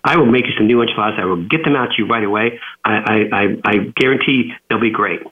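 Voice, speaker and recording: A man's voice: on the low side, quick pace, close to an everyday voice. A man quoting a patient, apologetic male restaurant manager who stumbles a little over his words, heard through a tinny phone line.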